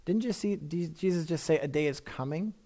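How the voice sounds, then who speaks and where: A man's voice: fairly high pitch, brisk, warm tone. A man preaching a sermon in a conversational, emphatic way, often repeating phrases for effect.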